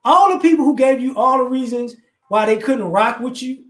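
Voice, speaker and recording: Animated high-voiced man in an echoey room. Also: normal speed. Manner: animated, acts out both sides of conversations. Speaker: livestream host giving advice. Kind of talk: casual advice monologue.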